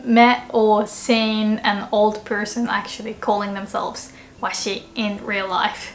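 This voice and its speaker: Young teacher lady, slow unhurried talk, a bit high, playful and giggly. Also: fairly bright tone. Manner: playful, laughs often, mimics cat and anime voices. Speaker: Japanese language teacher. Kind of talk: casual video lesson.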